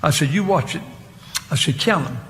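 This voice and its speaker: An older man preaching a sermon in a church, rambling and halting and repeating his words. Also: on the high side, animated, fairly bright tone. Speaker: pastor. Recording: reverberant church hall, faint hiss.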